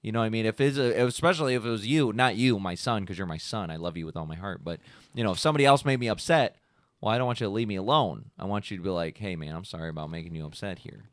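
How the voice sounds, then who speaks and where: Smooth low-voiced podcast dad. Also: male voice, fast, dry recording, studio quality. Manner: rambling, loose, many "like"s and "you know". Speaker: podcast host. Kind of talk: casual chat. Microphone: podcast microphone.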